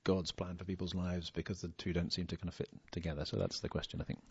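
Low-voiced husky male podcast host. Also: fast. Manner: relaxed, chuckling, reads listener questions. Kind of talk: casual podcast chat. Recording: dull lo-fi sound.

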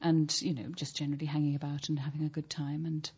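A woman in a casual podcast chat, a lively storyteller who laughs easily. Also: low-pitched, fast, husky. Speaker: theologian guest. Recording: dull lo-fi sound.

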